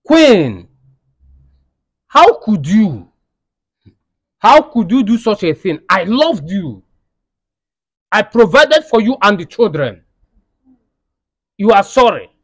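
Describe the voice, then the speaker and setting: Nigerian man as an outraged cheated husband, high voice, dry close sound, wailing threats. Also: very animated, slow, long pauses, no room sound, full character voice. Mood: aggrieved. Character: betrayed husband, outraged and heartbroken. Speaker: husband in a skit. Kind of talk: comedy skit acting.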